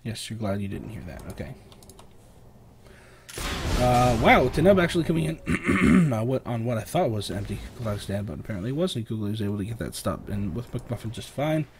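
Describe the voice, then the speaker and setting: A young man with a sore throat, casting a video game match alone in a rambling play-by-play full of fillers, often clearing his throat. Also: on the low side, sing-song, a little fast, crowd noise. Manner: rambling, filler-heavy, lifts and speeds up on big plays. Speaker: esports caster. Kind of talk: solo play-by-play game commentary.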